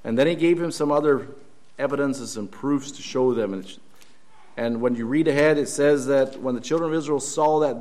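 A man delivers a Sunday sermon in an earnest, searching way. His voice sits at an ordinary middle pitch. He stops and restarts his phrases and repeats his questions as he presses his point. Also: darkish tone. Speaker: preacher. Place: church.

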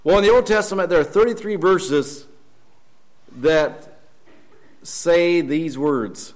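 A man preaching a Sunday morning sermon in a church, earnest and halting, often repeating words and posing questions to the congregation. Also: fairly high pitch.

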